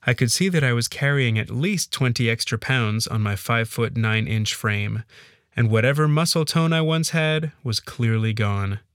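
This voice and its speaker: A man reads a first-person story aloud in a steady storytelling manner. His voice sits in a middle pitch. The recording is dry and close to the mic. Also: normal speed, no room sound. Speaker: audiobook narrator.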